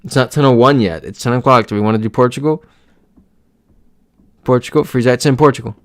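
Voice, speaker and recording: Creaky-voiced young American man streaming. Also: medium pitch, brisk, dry recording, clean studio sound. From United States. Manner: chatty, reads out chat messages. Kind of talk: casual live-stream chat.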